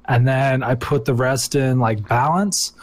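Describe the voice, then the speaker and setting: A man's voice: mid-range voice, a little slow, no room sound. A man co-hosting a casual podcast chat, swearing freely and joking eagerly. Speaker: podcast co-host.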